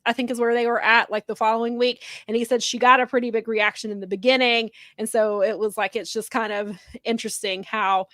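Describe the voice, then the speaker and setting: A woman co-host talking casually on a podcast, her voice sitting somewhat high. She rambles through stories with plenty of "like" and "you know." The sound is close and dry. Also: little pitch movement, a little fast, few pauses, a bit bright, no echo. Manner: rambling, filler-heavy retelling of others' remarks. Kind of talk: casual wrestling chat.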